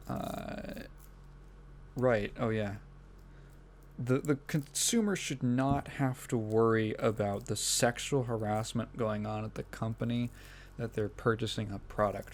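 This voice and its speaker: A man with a voice on the low side hosts a solo gaming podcast, with slight background noise in the recording. He rambles casually, swears freely, and often laughs in the middle of sentences.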